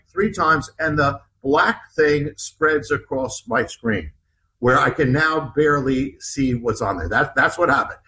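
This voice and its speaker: Bright-voiced man telling a gripping story. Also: on the high side, slight background noise, low-quality recording. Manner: halting, repeats words and restarts often; vivid, acts out what others said. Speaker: author guest. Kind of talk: animated interview storytelling.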